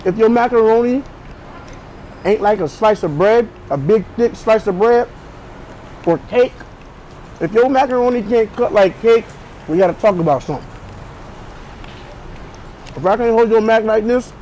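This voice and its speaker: A man's voice: sits high, moderate pace, long pauses, a little mellow. Blunt man reviewing food on a noisy street. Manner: blunt, opinionated, slangy. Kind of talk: casual food review vlog. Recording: noisy outdoor street sound.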